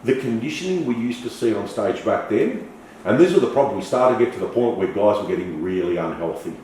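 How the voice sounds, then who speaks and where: A middle-aged man telling lively stories as a podcast guest. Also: on the low side, brisk, heavy reverb, recorded from a distance, slight background noise, rough recording. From Australia. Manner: animated, swearing, storytelling with acted quotes. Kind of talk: casual storytelling interview.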